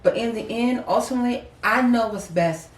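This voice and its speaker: A woman's voice: a little high, fairly quick. Woman co-host, emphatic, repeats for weight, roomy distant mic sound. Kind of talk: casual heartfelt chat.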